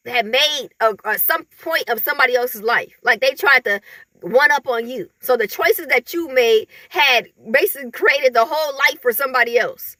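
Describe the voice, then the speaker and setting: A woman vents in a casual monologue, her voice high and bright. She laughs freely and acts out other people in mocking voices. The sound is close and dry, with no room around it. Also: no echo. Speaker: vlogger.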